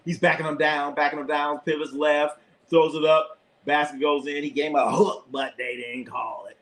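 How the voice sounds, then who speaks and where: A man giving live play-by-play commentary in a casual sports chat, excitable, shouting at players and swearing casually. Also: fairly high pitch, brisk, poor audio.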